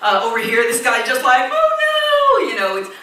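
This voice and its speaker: A woman preaching a sermon in a church, telling a story with lively quoted voices. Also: fairly high pitch, fast talker. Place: church hall. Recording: echoey church hall, distant mic.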